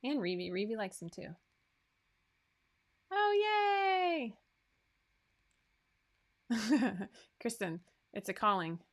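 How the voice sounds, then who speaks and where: A woman's voice: mid-range voice, moderate pace, fairly bright tone. A woman hosting a sewing pattern livestream in a casual, chatty way, reading out winners with asides. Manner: chatty, asides and fillers between list items.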